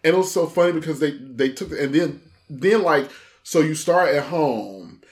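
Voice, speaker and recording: A man chatting casually on a podcast, relaxed and slangy, reacting to a friend and then telling his own memory. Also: fairly high pitch, normal speed. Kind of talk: casual chat.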